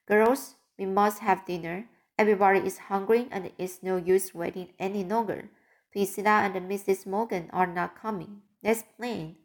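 A woman's voice: mid-range voice, steady tone, normal speed, close to an everyday voice. A woman reading an audiobook, voicing a strict, stern older woman who gives firm commands. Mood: brisk.

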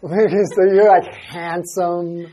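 A woman's voice: lowish voice, steady tone, extremely slow, mellow, slight background noise. A woman co-hosting an English lesson show, chatting in a joking, self-mocking way. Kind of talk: casual chat.

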